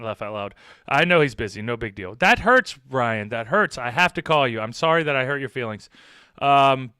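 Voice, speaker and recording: A man's voice: medium pitch, pushed and bright, clear, resonant tone, dry recording, studio quality. A man chatting casually with his viewers on a live stream, rambling, swearing and teasing, often laughing.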